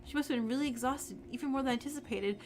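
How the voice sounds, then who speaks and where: A woman's voice: sits high, very fast, a little mellow, faint music behind, lightly acted. A woman reading an anxious young protagonist, pleading. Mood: narrating. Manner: pleading, earnest. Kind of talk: reading game dialogue aloud.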